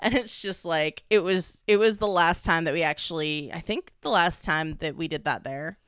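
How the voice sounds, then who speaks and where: A woman's voice: low-pitched, moderate pace, a bit bright, smooth, dry recording. A woman in her twenties co-hosting a podcast, telling stories in a rambling, casual way with lots of "like" and frequent laughter. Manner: rambling, heavy use of "like", laughs often. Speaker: podcast co-host. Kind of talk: casual chat.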